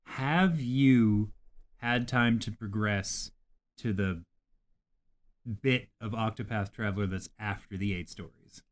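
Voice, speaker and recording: A man's voice: on the low side, slow pace. A man co-hosting a gaming podcast, talking casually and animatedly, swearing freely as he rants about games. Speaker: podcast co-host.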